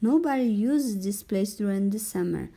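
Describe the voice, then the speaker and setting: A woman's voice: medium pitch, lively intonation, normal speed, vocal fry, warm tone. A woman voicing an earnest young boy who pleads for his pet in a children's storybook reading. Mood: hushed.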